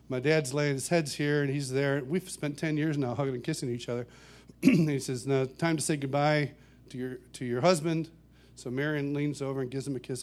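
A man telling a personal story to an audience, animated, often laughing and repeating words as he goes. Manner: animated, laughs often, gets louder and higher as the story builds. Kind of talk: storytelling talk.

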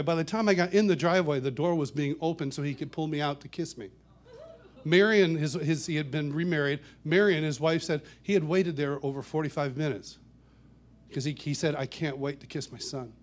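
A man with a somewhat high voice tells a personal story to an audience. He is animated and laughs often. He stumbles and repeats words as he goes. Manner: animated, laughs often, gets louder and higher as the story builds; restarts and repeats words while telling. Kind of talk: storytelling talk.

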